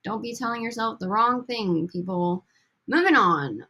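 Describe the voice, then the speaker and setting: A woman's voice: mid-range voice, animated, brisk, vocal fry, pushed and bright, slightly rough. A woman teaching a recorded language lesson over slides, upbeat and coaxing as she drills students with prompts. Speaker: Spanish teacher.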